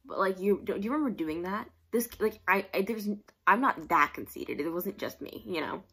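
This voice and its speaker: A woman's voice: medium pitch, lively intonation, normal speed, fairly bright tone, husky. A young woman from New York rambling casually in a vlog, full of likes and self-aware asides. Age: young adult. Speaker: vlogger.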